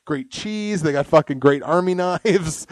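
Man, podcast host, rambling, swears a lot, slightly high voice, dry close sound. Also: a little slow, no echo. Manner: rambling, swears constantly, laughs at his own jokes. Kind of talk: casual profane podcast chat.

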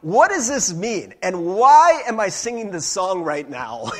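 A man preaching a sermon in an animated, playful way. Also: sits high, unhurried. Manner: animated and playful, with laughs and sung bits. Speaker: pastor.

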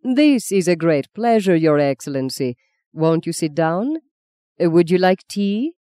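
A reader voicing a suave, courteous older Italian cardinal who speaks smoothly and with a wheedling tone. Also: mid-range voice, animated, a little slow, dark tone, no room sound, natural voice.

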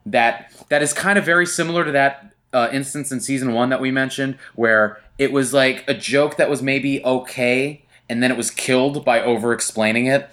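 A man's voice: mid-range voice, steady tone, moderate pace, hardly any pauses, fairly bright tone. Man nitpicking on a podcast. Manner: wry, nitpicking, joking. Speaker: podcast co-host. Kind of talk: casual chat.

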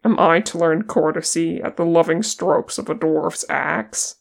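Reader doing proud horse-lord captain, man, suspicious, bitter, gravelly, slow. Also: mid-range voice. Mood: guarded. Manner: guarded, bitter. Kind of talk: audiobook character reading.

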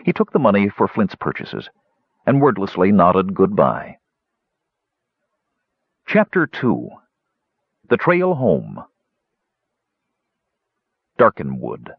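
A man with a low, husky voice narrates a fantasy novel in measured storytelling. His pitch moves expressively through the lines. The recording sounds dull and dry. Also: big pitch swings, dry recording. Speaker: audiobook narrator. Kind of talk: scripted narration.

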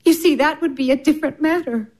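An actress playing a gentle, motherly elder sister who soothes and advises in a tender voice. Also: high-pitched, fast talker, lightly acted. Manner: soothing, tender, softly persuasive. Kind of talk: stage drama acting.

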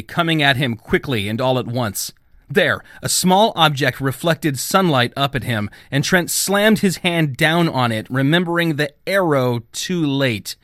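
A man's voice: medium pitch, a bit bright, no echo. Man narrating a thriller, dry close sound. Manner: measured, storytelling delivery. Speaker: author and narrator. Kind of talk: audiobook fiction reading.

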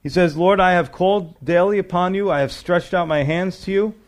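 Conversational preaching man, fairly high voice. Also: brisk. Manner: conversational preaching with rhetorical questions. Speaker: pastor. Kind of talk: sermon, verse-by-verse Bible teaching.

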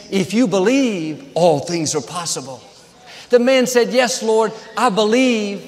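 A man's voice: sits high, long reverb tail. A man preaching a sermon as a pastor, earnest and building to emphatic peaks.

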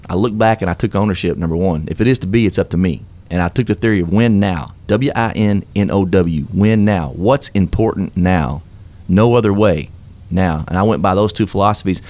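A man's voice: sits low, a little mellow. A man guest on a radio show, telling his success story with earnest, upbeat, preacher-like emphasis. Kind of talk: motivational storytelling in a radio interview.

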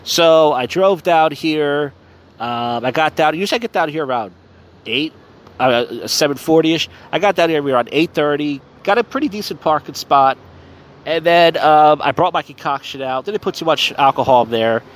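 A man's voice: a little high, normal speed. A drunk man rambling crudely through a self-deprecating podcast monologue outdoors on a city street at night. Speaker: podcast host. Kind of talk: casual rambling podcast monologue, live streamed.

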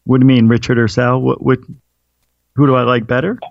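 A man's voice: mid-range voice, level tone, brisk, creaky, dry recording, lo-fi sound. A man who hosts a paranormal radio show, chatting as an interview guest and telling rambling stories with lots of fillers. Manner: rambling storyteller with frequent fillers. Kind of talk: casual interview chat.

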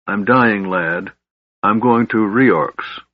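A man voicing a grumpy, stubborn old male dwarf who is seasick, in a gruff, irritable storybook voice. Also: lowish voice, slow, dry recording. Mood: grumbling. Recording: slightly dull, dry recording.

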